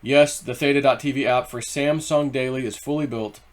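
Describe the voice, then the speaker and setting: A man hosting his own crypto channel, talking in a casual, rambling and excitable way with many restarts. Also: mid-range voice, moderate pace.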